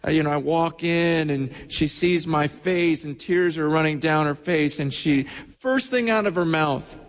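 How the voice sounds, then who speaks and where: A man's voice: on the high side, a little slow. A man preaching a sermon as pastor, telling stories earnestly and often repeating words as he goes. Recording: echoey hall with long reverb.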